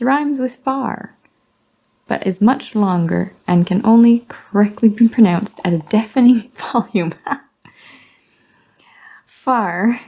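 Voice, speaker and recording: A woman's voice: medium pitch, vocal fry, mellow. A woman hobby vlogger reading a magazine aloud with her own commentary. She sounds out each word, corrects herself, and stays amused.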